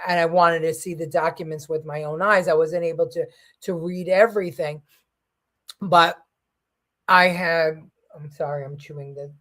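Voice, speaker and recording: A woman with a somewhat low voice hosts a casual live-stream talk show. She talks in a loose, hesitant way, full of ums and false starts. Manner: hesitant, many fillers and restarts. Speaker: show host.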